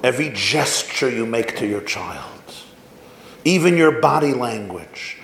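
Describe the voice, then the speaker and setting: A man's voice: medium pitch, expressive, measured pace, fairly bright tone. A man, a rabbi, tells a story in a lecture to a staff audience and keeps asking them questions. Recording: echoey room, faint room noise.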